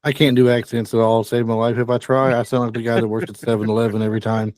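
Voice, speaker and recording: A man who is a guest on a movie podcast, chatting casually and a little haltingly. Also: mid-range voice, level tone, a little mellow, dry recording.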